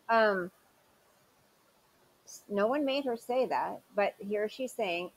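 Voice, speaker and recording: A woman's voice: medium pitch, takes it slowly, long pauses, low-quality recording. A woman hosts a reaction commentary with a sarcastic, critical edge. She questions and picks apart what she has just played. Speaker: commentary channel host.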